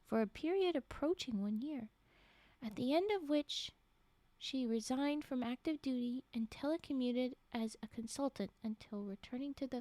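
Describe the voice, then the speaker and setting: A woman's voice: sits high, dark tone, dry recording. A young woman streamer reading horror stories aloud, with chatty asides and laughter. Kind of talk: reading aloud with casual commentary.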